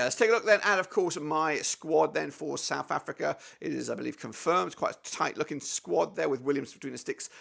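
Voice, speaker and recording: A rapid-fire man previewing a football match with a heavily gravelly, fry-laden voice that sits a bit high. He keeps things chatty and upbeat, leaning on "of course" again and again. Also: fairly bright tone. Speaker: football channel host. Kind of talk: casual match preview commentary.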